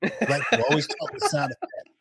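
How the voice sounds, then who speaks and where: A man co-hosting a casual podcast, talking in an animated, profane way with playful impressions. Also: on the high side, fairly quick, slight background noise. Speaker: podcast co-host.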